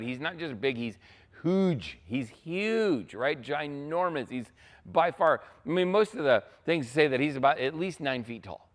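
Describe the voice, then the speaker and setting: A man preaching a sermon as a pastor, in a casual, conversational way, often checking in with "right?". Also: medium pitch.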